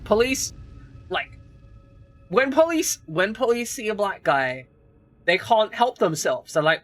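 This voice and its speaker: A man's voice: high-pitched, animated, a little slow, pauses often, fairly bright tone, no echo, faint music behind. A man streaming a game, talking in a rambling, casual way with frequent swearing and restarts. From United Kingdom. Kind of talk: casual chat while gaming.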